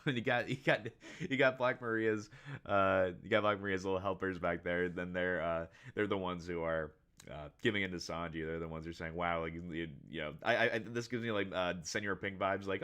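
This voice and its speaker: A man hosting a casual reaction to a comic chapter, rambling excitedly with many fillers and reading lines aloud. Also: low voice, a little fast, clear, resonant tone. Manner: reads character lines aloud with mild voice shifts. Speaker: channel host.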